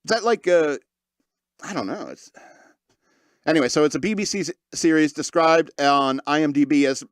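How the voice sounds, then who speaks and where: A man's voice: on the high side, moderate pace, pauses often, no echo, studio quality. A man hosting a podcast, reading news stories aloud and breaking off into sarcastic, mocking asides. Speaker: podcast host. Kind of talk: comedic news commentary.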